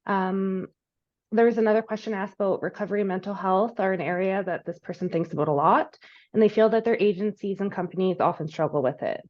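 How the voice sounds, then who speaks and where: A woman moderating a session, reading out audience questions in a measured way. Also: mid-range voice. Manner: measured, with fillers. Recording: dull lo-fi audio.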